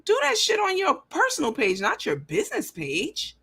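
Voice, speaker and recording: A woman's voice: very high-pitched, normal speed, gravelly. Blunt, profane woman hosting a livestream. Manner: animated and lively. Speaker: livestream show host. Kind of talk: casual livestream chat, reading viewer comments.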